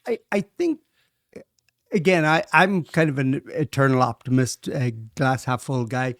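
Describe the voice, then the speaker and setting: An upbeat Irish man in his sixties chats easily about his business plans. His voice sits at a middle pitch. The sound is close and dry, with no room echo. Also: unhurried. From Ireland. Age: 60s. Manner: upbeat, chatty, swears freely. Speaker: guest, pub owner. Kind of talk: casual chat.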